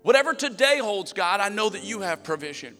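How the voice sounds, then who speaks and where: Passionate Southern pastor in echoey church. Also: male voice, big pitch swings, a little fast, soft background music. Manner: passionate, builds to loud emphatic peaks, drops low for quoted asides. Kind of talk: sermon.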